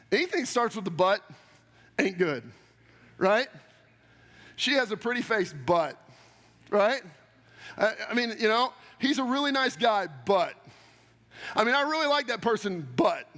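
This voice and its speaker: A middle-aged male pastor with a strikingly high voice preaches in a casual, conversational way, tossing rhetorical questions and joking asides to his congregation. His voice rings out with a long reverb through the church hall. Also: moderate pace, fairly bright tone. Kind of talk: sermon. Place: church sanctuary.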